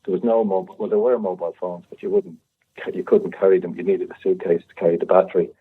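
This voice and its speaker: A husky, low-voiced Irish man in his fifties tells an animated story and acts out both sides of the conversation. He comes through a thin, tinny line that sounds like a phone call. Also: fast talker. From Ireland. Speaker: restaurateur guest. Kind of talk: storytelling anecdote.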